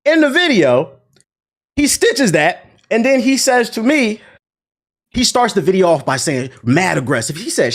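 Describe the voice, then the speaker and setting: A man ranting to his stream chat in a high voice that swoops up and down. He talks in a profane, indignant and animated way. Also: unhurried. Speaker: gaming content creator.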